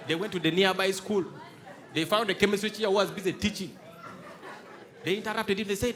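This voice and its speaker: A man's voice: sits high, fast. A Ugandan man with a Ugandan English accent, performing stand-up comedy on a theatre stage and acting out the people in his stories. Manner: animated storytelling, acting out voices. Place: large theatre stage before a live audience. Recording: live theatre recording with crowd noise. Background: audience laughter.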